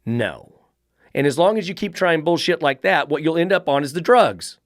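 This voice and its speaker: A man's voice: on the high side, lively intonation, normal speed, dry recording. Blunt man in his middle years, dog trainer host, cusses, dry close sound. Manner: blunt, profane, fires rhetorical questions. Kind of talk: podcast monologue.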